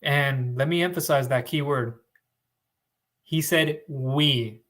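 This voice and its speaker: A man's voice: fairly high pitch, slow pace, a bit bright. A man hosting a casual live stream, talking in a rambling, emphatic way and reading viewer comments aloud. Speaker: host. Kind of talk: casual livestream talk to viewers.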